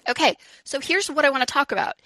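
A woman's voice: high voice, animated, quick pace, bright, forceful tone, no echo, rough recording. A woman hosting a live call-in podcast, talking frankly and chattily, laughing often and swearing casually. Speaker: podcast host.

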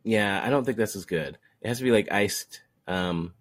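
A young man co-hosting a podcast in casual chat, animated, laughing often and swearing freely. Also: lowish voice, moderate pace. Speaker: podcast co-host.

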